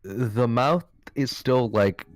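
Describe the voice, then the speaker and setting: Male game master; rambling narration, mid pitch, dry recording. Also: slow, no echo. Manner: loose, filler-heavy narration.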